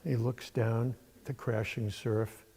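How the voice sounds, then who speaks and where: An older man from Massachusetts giving a sermon in a church, telling stories in a folksy, unhurried way with fillers. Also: medium pitch, flat delivery, mellow, slightly rough. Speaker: preacher. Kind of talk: sermon with storytelling. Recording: long church reverb.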